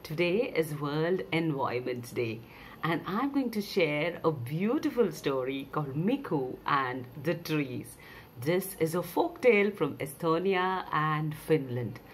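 Woman storyteller, lowish voice, lively pitch, slow, expressive narration. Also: a little hiss or hum. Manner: expressive, with questions to listeners.

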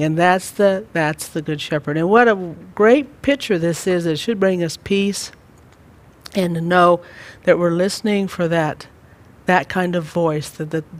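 Gentle rambling church teacher man. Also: fairly high pitch, steady tone, unhurried. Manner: gentle, rambling, many fillers. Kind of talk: church Bible study teaching.

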